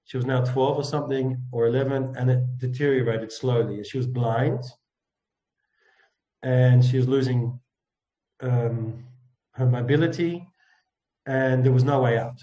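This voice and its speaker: A man of mid pitch recalls a story in an earnest, halting way and often sinks into a soft, hushed tone. His voice comes through a roomy space with a slight echo. The sound is a little dull and lo-fi, as on a video call. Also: steady tone. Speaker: guest, empathy coach. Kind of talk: reflective personal storytelling.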